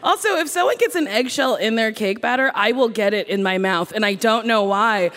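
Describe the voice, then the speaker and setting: A woman comedian from New Jersey telling stories in a casual interview, laughing often and talking with lively energy. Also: fairly high pitch, a little fast. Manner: laughing, animated storytelling. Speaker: comedian guest. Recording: reverberant live stage recording.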